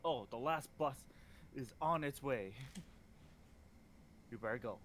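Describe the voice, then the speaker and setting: A man's voice: mid-range voice, expressive, slow pace, a bit bright, slight background noise, pitched below the performer's own voice. A man voicing a round, nerdy young man who is an eager idol fan, reading visual novel lines live.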